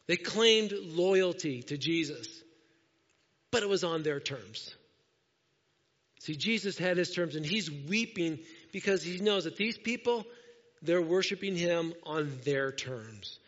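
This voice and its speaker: A fairly high-voiced man preaches to his congregation, animated and acting out the voices of the people in his story. His words ring through a church sanctuary with a long hall echo. The recording sounds dull and lo-fi. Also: measured pace. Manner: animated, acts out quoted voices. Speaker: pastor. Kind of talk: sermon.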